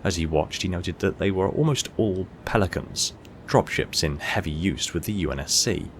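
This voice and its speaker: A man narrating an audiobook short story in a steady, measured storytelling manner. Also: deep voice, slight background noise.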